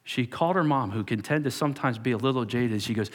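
A man's voice: medium pitch, quick pace. A male pastor giving a sermon to his church, acting out quoted voices and dropping to whispers for emphasis. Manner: animated, acts out quoted voices, drops to whispers.

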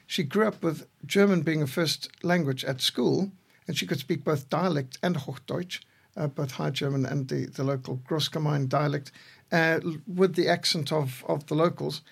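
A man in his sixties, co-host of a podcast, telling measured stories with a dry humor. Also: a little high, vocal fry, breathy edge. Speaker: podcast co-host, missionary leader. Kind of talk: reflective conversation.

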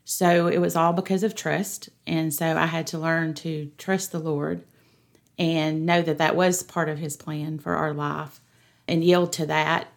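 A middle-aged woman, a pastor giving an earnest, steady personal testimony on a podcast. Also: low-pitched, unhurried, vocal fry. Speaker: pastor, guest.

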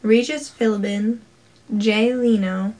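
A woman casually quizzing a friend on holiday trivia, playful and quick to laugh. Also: mid-range voice, fairly even intonation, a little mellow. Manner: playful, laughs often, tries out foreign words. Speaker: trivia quiz partner. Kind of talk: casual chat.

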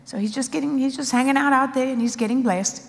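A woman's voice: high voice, quick pace, big-room sound. A woman preaching a sermon with emphasis, driving points home in short repeated phrases.

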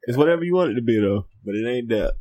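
A man's voice: mid-range voice, animated, very fast, mellow. A man in a casual group chat, opinionated and teasing.

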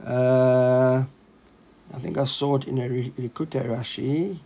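A man teaching a Talmud class, explaining the text in an animated way and acting out the rabbis he quotes. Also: mid-range voice, unhurried, creaky, slight background noise. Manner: mixes Hebrew and Aramaic terms into English.

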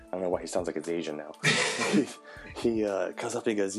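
A man hosting a podcast as a chef, telling animated stories in casual chat, swearing and acting out other people's voices. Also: low-pitched, fast talker, soft background music.

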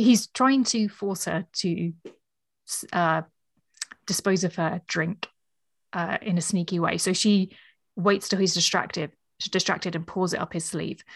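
A woman co-hosting a book podcast, chatting with a laugh and reading passages aloud in a soft, even voice. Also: medium pitch. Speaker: podcast co-host.

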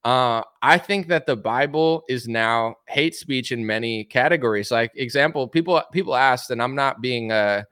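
A man's voice: medium pitch, normal speed, hardly any pauses, bright, forceful tone, smooth, dry recording, clean studio sound. A man hosting a casual opinion commentary, talking bluntly and asking one rhetorical question after another. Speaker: commentary show host.

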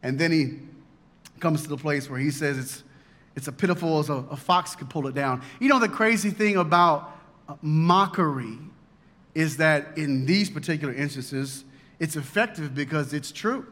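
Bright-voiced man preaching a lively sermon. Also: fairly high pitch, moderate pace. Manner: folksy, joking, animated, with frequent restarts. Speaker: pastor. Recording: long hall reverb.

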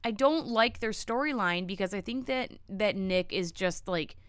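A woman's voice: mid-range voice, normal speed, clear, resonant tone, no room sound. A woman co-hosting a podcast, chatting casually and criticizing frankly with lots of fillers. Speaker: podcast co-host. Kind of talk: casual chat.

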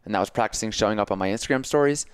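A man hosting a casual podcast chat, coaching and telling stories in an animated way, acting out his own self-talk. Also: lowish voice, rapid-fire, smooth, dry recording, studio quality. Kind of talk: casual conversation.

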